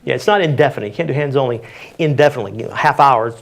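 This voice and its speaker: A man's voice: medium pitch, racing, gravelly. Plain-spoken man teaching CPR. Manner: practical, plain-spoken, with frequent fillers. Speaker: CPR instructor on a community panel. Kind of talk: answering audience questions.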